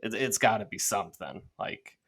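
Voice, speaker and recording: A man's voice: fairly low pitch, animated, normal speed, vocal fry, a bit bright, slightly rough. A young man co-hosting a podcast, chatting casually and acting out his own thoughts as he tells stories. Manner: rambling storyteller, acts out his own thoughts. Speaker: podcast co-host. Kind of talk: casual chat.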